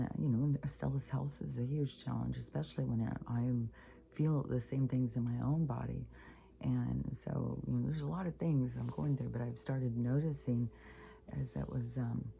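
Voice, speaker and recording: A woman talking in a rambling, casual spiritual vlog, with many fillers and soft whispery asides. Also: very deep voice, vocal fry. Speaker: vlogger.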